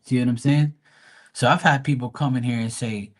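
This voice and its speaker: A man's voice: medium pitch, fairly even intonation, moderate pace. A man hosting a live tarot and mediumship stream, speaking bluntly and profanely, rambling with frequent restarts. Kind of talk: casual live stream talk.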